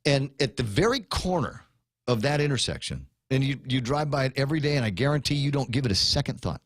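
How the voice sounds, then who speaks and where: A man hosting a talk radio show, ranting in an animated, conversational way. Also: medium pitch, fast talker, dry recording, studio quality.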